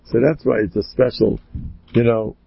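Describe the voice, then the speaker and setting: An older man, a rabbi, giving a rambling, joking talk full of stories, with sudden loud exclamations. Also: medium pitch, fairly even intonation, normal speed, gravelly, breathy edge, no room sound, dull audio. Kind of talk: rambling storytelling sermon.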